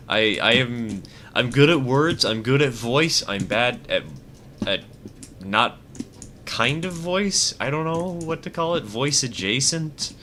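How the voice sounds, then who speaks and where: A man with a deep voice chatting casually on a live game stream, rambling, self-mocking and laughing often. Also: lively intonation, slow, pushed and bright, a little hiss or hum. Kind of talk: casual live-stream chat while playing.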